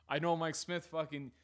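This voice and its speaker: A man co-hosting a casual sports podcast, animated, swearing freely and laughing often. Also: on the high side. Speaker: podcast co-host.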